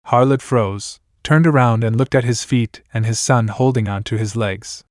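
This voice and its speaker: A man's voice: medium pitch, normal speed, hardly any pauses, no echo. Man reading a story, dry sound. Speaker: story reader. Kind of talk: fan fiction read-aloud narration.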